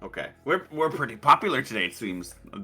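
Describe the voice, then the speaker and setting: A man's voice: mid-range voice, big pitch swings, quick pace, sharp tone, slightly rough, faint music behind. Chatty male tabletop player. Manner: chatty, joking, asks questions. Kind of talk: casual tabletop game chat.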